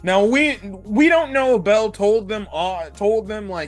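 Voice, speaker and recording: A young man giving a casual, excitable anime review, laughing and using slang as he retells scenes. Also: sits high, unhurried, soft background music.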